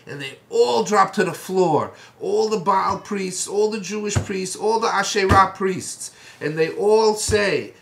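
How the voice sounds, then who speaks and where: A man teaching a Bible passage as a lively, colloquial story with dramatic flair. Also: sits high, normal speed, creaky, hardly any pauses. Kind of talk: storytelling lesson. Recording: echoey room.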